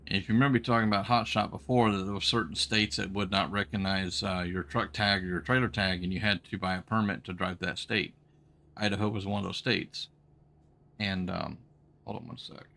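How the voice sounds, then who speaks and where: A man streaming a trucking game from a home setup, telling an old road story into a desk microphone. His voice is a little low, yet bright and forceful. He rambles in a folksy way, full of ums and restarts as he talks. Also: fairly even intonation, brisk, gravelly. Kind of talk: casual storytelling while gaming.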